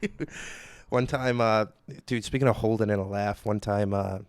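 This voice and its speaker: Young man, podcast host, animated storyteller, dry close sound. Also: lowish voice, normal speed, no room sound. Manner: animated storyteller, acts out quoted voices loudly. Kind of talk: casual comedy podcast chat.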